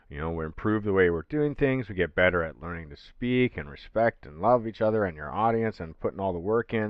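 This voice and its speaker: A man co-hosting a casual podcast, easygoing and animated, talking with fillers and restarts. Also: deep voice, no room sound, dull audio. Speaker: podcast co-host.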